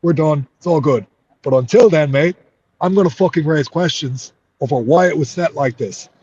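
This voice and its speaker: An Irish man in an interview, talking in a heated, frustrated way and swearing freely. His voice sits a little high, and the recording sounds dull and lo-fi. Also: moderate pace, darkish tone, breathy edge. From Ireland. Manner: heated, swears a lot, says mate. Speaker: MMA fighter.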